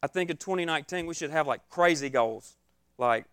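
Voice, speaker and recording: A man's voice: on the high side, brisk, a bit bright, clear, resonant tone, no room sound, studio quality. A young man preaching an informal, joking sermon, acting out his own scared reactions.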